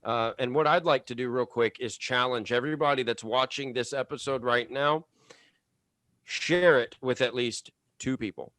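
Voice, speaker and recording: A man's voice: medium pitch, normal speed, fairly bright tone, no room sound. A man hosting a podcast, talking in an upbeat, chatty way with frequent "uh" fillers. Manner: upbeat, talkative, many "uh" fillers. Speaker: podcast host. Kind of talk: casual podcast chat.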